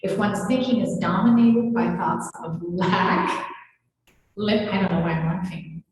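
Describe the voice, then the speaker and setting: Her voice is fairly low, a little slow and a little mellow as this senior minister delivers a conversational sermon, playful and chatty, frequently laughing and talking straight to her congregation. She's in the large hall of a spiritual center, where the recording carries long reverb and a little hiss or hum.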